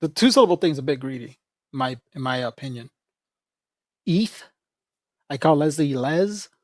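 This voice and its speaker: A man's voice: on the high side, animated, normal speed, a little mellow, dry recording, studio quality. A man livestreaming in a casual, rambling chat, joking with viewers, laughing often and calling people "bro".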